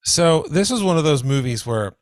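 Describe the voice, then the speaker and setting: A man's voice: fairly high pitch, big pitch swings, normal speed, no room sound, studio quality. A man co-hosting a film review podcast, talking casually and enthusiastically with many restarts. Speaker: podcast co-host reviewing films. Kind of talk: casual chat.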